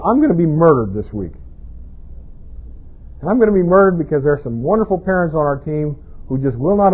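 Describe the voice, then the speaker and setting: A man's voice: fairly high pitch, husky. A pastor preaching a sermon in a conversational way, often asking his congregation rhetorical questions. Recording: tinny, phone-like band-limited sound.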